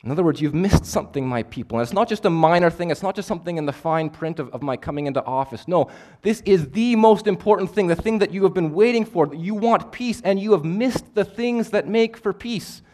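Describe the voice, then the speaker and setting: A male pastor delivers a sermon in a voice sitting a little above the usual male pitch. He presses hard on some phrases and drops to a near hush on others. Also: fairly quick, hardly any pauses. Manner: emphatic, swings between loud and hushed.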